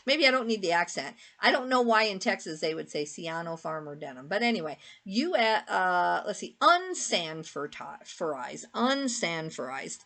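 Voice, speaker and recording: A woman's voice: mid-range voice, animated, normal speed, hardly any pauses, a bit bright. A middle-aged woman chatting casually with many fillers as she shows her thrift finds to viewers. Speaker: eBay reseller showing a thrift haul. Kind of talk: casual haul video talk.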